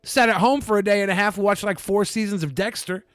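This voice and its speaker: Man, podcast co-host, high voice, dry close mic, rambling joker. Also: brisk, fairly bright tone, no room sound. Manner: joking, rambling storyteller. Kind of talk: casual podcast banter.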